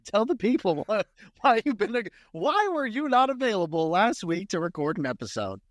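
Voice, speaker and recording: A man with a high, very animated voice co-hosts a podcast at normal speed, chatting casually, rambling, restarting, and swearing often. The sound is clean studio quality with no echo.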